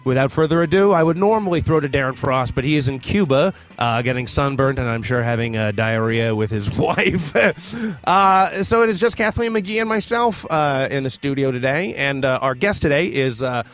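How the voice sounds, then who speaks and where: A man's voice: mid-range voice, normal speed, few pauses, fairly bright tone, faint music behind. A man co-hosting a comedy talk show in a radio studio, rambling and swearing with lots of fillers. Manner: profane, rambling, joking, with many fillers. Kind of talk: crude comedic banter.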